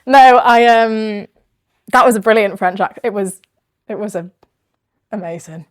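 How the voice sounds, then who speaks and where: A woman's voice: mid-range voice, normal speed. Yorkshire woman, podcast host, chatty and bubbly, laughs easily. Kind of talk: casual podcast chat.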